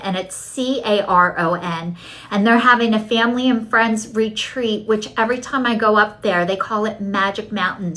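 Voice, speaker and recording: A middle-aged woman vlogging to her viewers in a chatty, animated way, acting out what people said to her. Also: medium pitch, low-quality recording. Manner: chatty, animated storytelling, acts out dialogue. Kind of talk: casual talking-to-camera vlog.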